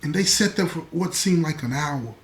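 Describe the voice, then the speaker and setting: A man tells a dramatic life story in a fairly high voice, talking straight to his listener with conversational asides. The room around him gives an echoey ring, and he keeps a plain, unhurried delivery. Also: lively intonation, gravelly.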